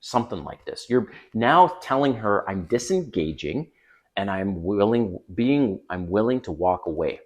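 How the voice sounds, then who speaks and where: A man's voice: fairly low pitch, very animated, unhurried. A man hosting his own channel, giving direct, conversational dating advice to the camera. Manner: direct, conversational, acts out quoted lines. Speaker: dating coach.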